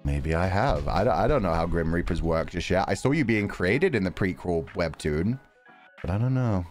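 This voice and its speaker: A young male streamer casually comments on a game while playing, rambling and laughing readily. His voice is low but swings with lively pitch, and faint music plays behind him.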